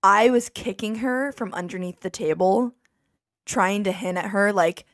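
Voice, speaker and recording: A woman's voice: medium pitch, steady tone, moderate pace, no room sound, studio quality. A woman co-hosting a podcast in a bubbly casual chat, often breaking into laughter. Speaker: podcast co-host.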